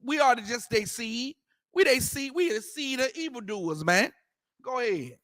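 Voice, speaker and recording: A man's voice: extremely high pitch, expressive, a little slow, a bit bright, dry recording, clean studio sound. A man teaching a scripture class in an emphatic, repetitive way, using street slang and firing rhetorical questions. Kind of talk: preaching scripture commentary.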